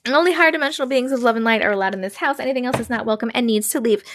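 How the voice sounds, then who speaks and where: A woman's voice: fairly high pitch, no room sound. A woman hosting a live stream, reading viewers' scary stories aloud and reacting to chat. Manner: expressive, reacts with gasps and laughs between reading.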